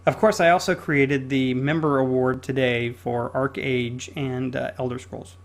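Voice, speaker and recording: A man's voice: mid-range voice, steady tone, unhurried, vocal fry. A man hosting a casual gaming podcast, chatty and loose, talking while he fiddles with his audio settings. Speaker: podcast host.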